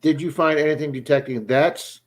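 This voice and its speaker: A man's voice: a little high, steady tone, moderate pace. A man from Florida hosting a live stream, rambling through stories and often repeating words as he starts a sentence. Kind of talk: casual live stream chat.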